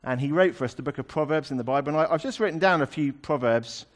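A man's voice: a little high, fast talker. A man preaching a sermon, explaining a scripture passage in a conversational way with wry asides.

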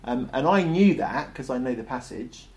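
A man preaches in a loose, conversational way. He hesitates often with ums and uhs. His voice sits at an ordinary middle pitch. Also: lively intonation, moderate pace, darkish tone. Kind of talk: sermon.

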